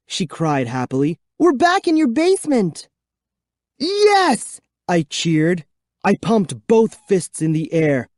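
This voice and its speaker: Slow, measured male audiobook narrator. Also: a little high, mellow, no echo, studio quality. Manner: measured, suspenseful storytelling. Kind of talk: scripted first-person narration.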